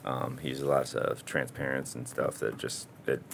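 A man's voice: rumbling low, little pitch movement, normal speed, vocal fry, a little hiss or hum. A young man talking casually and rambling about his mural work, with frequent swearing and laughs. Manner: laid-back, rambling, swears and laughs often. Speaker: muralist guest. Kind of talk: casual chat.

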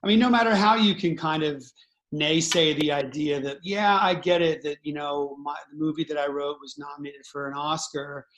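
A man talking as a guest on a casual chat, earnest and candid, swearing now and then, with halting restarts. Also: on the high side, fairly even intonation, a bit bright, dry recording. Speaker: screenwriter guest.

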